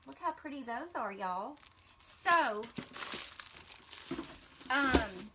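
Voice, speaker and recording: A woman's voice: high-pitched, animated, drawn-out words, noisy background. A middle-aged woman, hosting a casual craft livestream and gushing to her viewers as she unpacks gifts. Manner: gushing, chatty, addresses viewers as y'all.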